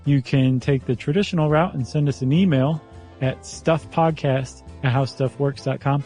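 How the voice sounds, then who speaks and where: Man, mellow dark tone, casual podcast host, friendly, faint music behind. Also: mid-range voice. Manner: friendly, quick asides and laughs. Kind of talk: casual chat.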